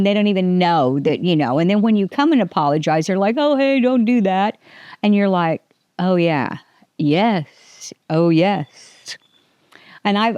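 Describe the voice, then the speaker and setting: A woman's voice: fairly low pitch, darkish tone, clear, resonant tone, no echo, muffled recording. An older woman hosting a casual faith podcast, rambling and restarting her sentences, often laughing. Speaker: podcast host.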